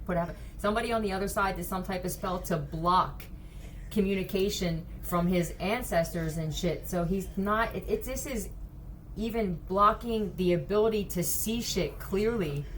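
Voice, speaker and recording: A woman's voice: medium pitch, moderate pace, slight background noise. A woman with a Philadelphia accent doing a tarot card reading vlog, talking in a blunt, profane, rambling way from a hotel room. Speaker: tarot reader.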